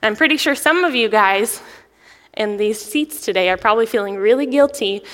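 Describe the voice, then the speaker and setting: A young woman, a children's ministry director, preaching a sermon in a church, chatty and lively, often laughing as she tells a story. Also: a little high, a little fast. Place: church sanctuary. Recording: long reverb of a large hall.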